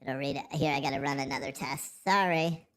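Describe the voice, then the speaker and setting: A man's voice: medium pitch, a little fast, a bit bright, a little hiss or hum. A man hosting a casual livestream, joking, rambling and swearing freely as he reads the chat. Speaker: livestream host.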